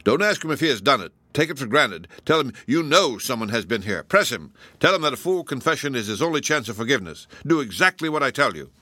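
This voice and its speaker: A man voicing a sharp, commanding detective who gives crisp orders. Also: medium pitch, big pitch swings, fast, few pauses, dry recording, pitched above the performer's own voice.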